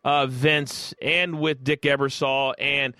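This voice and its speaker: Guest, man from Kansas City, bright forceful voice, dry studio sound, chatty storyteller. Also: medium pitch, little pitch movement, slow pace, smooth, no echo. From Kansas City, United States. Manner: rambling, enthusiastic, many fillers. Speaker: guest, former sports broadcaster. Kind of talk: casual interview storytelling.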